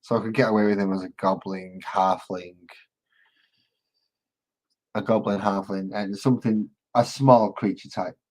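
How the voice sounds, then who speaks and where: A man's voice: fairly low pitch, fairly even intonation, unhurried, long pauses, darkish tone, rough recording. A man casually chatting with his live-stream viewers while he paints miniatures, rambling and joking along the way.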